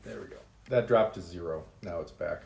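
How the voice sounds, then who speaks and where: A middle-aged man hosting a casual podcast, joking and halting with fillers. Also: sits low, vocal fry, a little mellow, echoey room. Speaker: podcast host. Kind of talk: casual chat.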